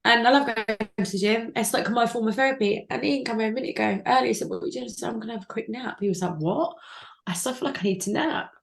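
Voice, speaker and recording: A woman's voice: a little high, quick pace, vocal fry, reverberant. A woman, an interview guest, speaking openly and emotionally about personal loss over a video call. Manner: open, emotional, candid storytelling.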